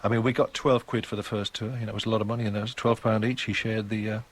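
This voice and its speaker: A man's voice: fairly low pitch, level tone, rapid-fire, breathy edge. A man in his sixties with a Geordie accent, a guest on a radio interview who tells long, rambling, chatty anecdotes. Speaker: guest musician.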